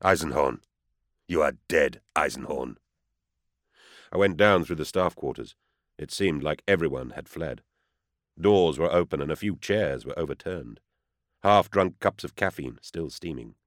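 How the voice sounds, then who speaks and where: Deep-voiced man narrating an audiobook. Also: lively intonation, no room sound. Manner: measured, tense storytelling. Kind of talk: first-person audiobook narration. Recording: dry close studio sound.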